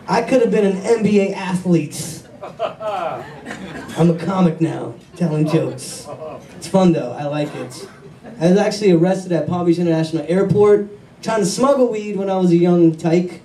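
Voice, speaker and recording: A high-pitched man rattles through a stand-up set, excitable and poking fun at himself as he banters with the crowd. He is heard from a distance on a wireless mic in an echoey club. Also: normal speed, long pauses. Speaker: stand-up comedian. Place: comedy club stage with audience. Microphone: wireless handheld mic.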